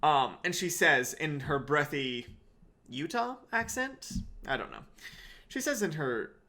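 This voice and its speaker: A man telling a comedic story in an animated, digressive and sardonic way. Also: a little high, unhurried. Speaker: podcast comedian.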